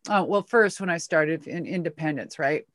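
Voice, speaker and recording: A middle-aged woman with a Minnesota accent talks in a lowish voice, chatty and quick to laugh, swearing freely as she recalls old stories. The recording is dry and close. She sounds relaxed, like a guest in a casual interview. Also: dry recording. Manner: chatty, laughing, profane storytelling. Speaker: retired wrestler guest.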